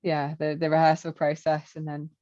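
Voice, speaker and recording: A woman's voice: low-pitched, completely flat delivery, moderate pace, warm tone, lo-fi sound. A woman actress as a podcast guest, earnest and complimentary about working with the cast. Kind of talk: casual podcast chat.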